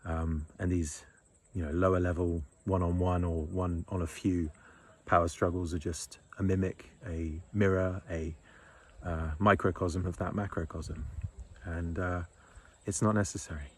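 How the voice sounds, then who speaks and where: A man's voice: low voice, flat delivery, measured pace. A man in his thirties talking in a blunt, rambling monologue, swearing freely and chuckling between thoughts. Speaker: men's retreat leader. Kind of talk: casual monologue.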